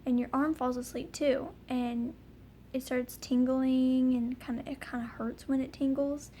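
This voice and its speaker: A woman's voice: high voice, little pitch movement, measured pace, dark tone, slight background noise. A young woman telling a personal story in a casual vlog, rambling with lots of ums and likes. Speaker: vlogger.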